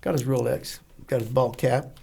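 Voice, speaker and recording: Gravelly older man telling blunt stories. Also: mid-range voice, steady tone, moderate pace, a little mellow. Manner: blunt, profane storytelling that acts out dialogue. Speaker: guest, Vietnam veteran. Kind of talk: casual storytelling interview.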